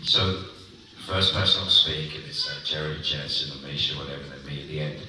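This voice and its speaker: A man's voice: very deep voice, fairly even intonation, fairly quick, pushed and bright. An older man, a guest on a convention panel, telling jokey stories and laughing often. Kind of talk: panel Q&A chat. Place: large convention hall. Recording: echoey hall, distant mic, noisy.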